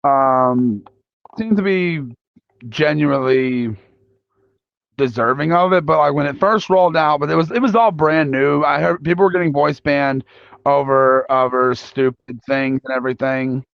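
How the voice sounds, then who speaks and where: Young male panel host, gravelly and a bit high, halting casual talk, dull lo-fi sound. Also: no room sound. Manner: halting, casual, many restarts. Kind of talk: live panel talk polling an audience. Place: convention panel room. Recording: dull lo-fi recording.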